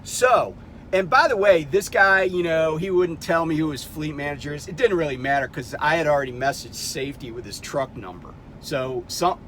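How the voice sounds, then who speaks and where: Middle-aged man, trucker, casual rant, blunt and profane, slightly high voice, faint outdoor vehicle rumble. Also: fairly bright tone. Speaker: truck driver vlogger.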